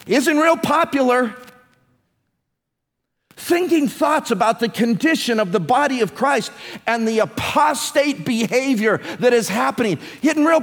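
High-voiced preacher in a reverberant hall. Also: male voice. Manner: preaching with emphatic slow phrasing. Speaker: pastor. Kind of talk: sermon.

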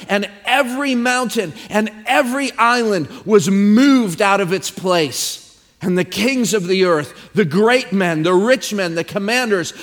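A man's voice: sits high, a bit bright. A man preaching a sermon and reading scripture aloud, emphatic and drawn out, with repeated phrases for stress. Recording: long hall reverb.

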